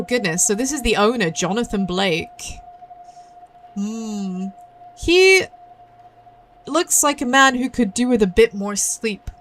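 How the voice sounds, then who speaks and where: A woman streams a horror puzzle game, talking casually and joking about the characters. Her voice is bright and lifted a little high. She keeps up a playful, chatty commentary. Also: slight background noise. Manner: chatty, playful, giggly asides. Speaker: VTuber streamer.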